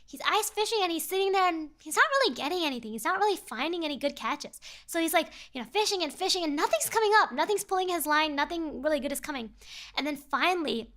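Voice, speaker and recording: A woman's voice: high-pitched, expressive, fast talker, bright, forceful tone. A young woman streamer telling a story in a casual, rambling way, often repeating herself.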